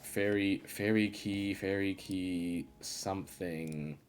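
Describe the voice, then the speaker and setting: A man with a very low voice talks through a platform game on a live stream. He grumbles in an exasperated, sarcastic way. Faint game music plays under his voice. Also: fairly even intonation, slow pace. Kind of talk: live gameplay commentary.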